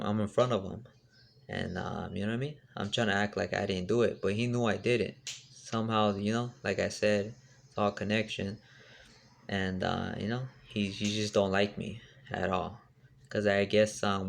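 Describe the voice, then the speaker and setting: A man's voice: fairly low pitch, gravelly, slight background noise. A young man casually telling a rambling personal story, full of fillers and street slang.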